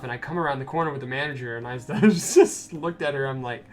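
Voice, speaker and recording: A man's voice: mid-range voice, quick pace, few pauses, a little mellow. A young man streaming a game, telling a rambling story in a casual way, with restarts and swearing. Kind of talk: casual gameplay stream chat. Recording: stream with faint game music.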